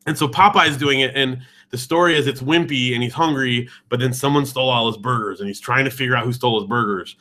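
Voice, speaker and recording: A man's voice: mid-range voice, quick pace, hardly any pauses, pushed and bright. A man in his thirties from California, telling a travel story in casual chat and mimicking the voices he heard. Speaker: podcast co-host.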